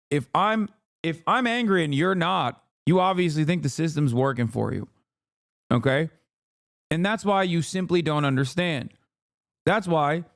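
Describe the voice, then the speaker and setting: A man's voice: fairly high pitch, no echo, studio quality. A man giving heated commentary while reacting to clips, angry, emphatic and full of swearing.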